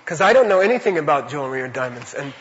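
A man's voice: on the high side, big pitch swings, racing, slight background noise. A man giving an informal spiritual teaching, rambling and chatty, often saying "you know" and telling stories. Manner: laughs while telling stories. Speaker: Buddhist teacher. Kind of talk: informal spoken teaching with anecdotes. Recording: reverberant hall, dull lo-fi sound.

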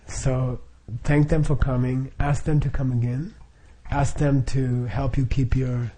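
A man's voice: medium pitch, flat delivery, unhurried, mellow, husky. A middle-aged man leading a Buddhist group, explaining the practice informally with frequent chuckles, fillers and restarts.

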